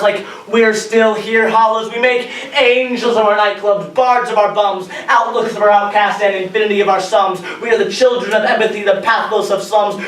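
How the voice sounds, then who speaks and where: A man's voice: sits high, a bit bright. A young man performing spoken-word poetry at a competition, rhythmic and emphatic, with building intensity. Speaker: competing poet. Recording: roomy, distant mic, faint ambience.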